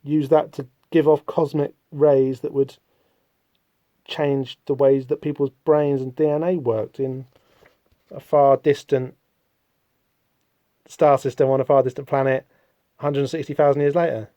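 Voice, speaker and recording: Rambling man, dark dry voice. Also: medium pitch, level tone, measured pace, pauses often, no room sound, dull audio. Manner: rambling, self-deprecating, apologetic asides. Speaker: podcast host. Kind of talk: casual solo comic-book discussion.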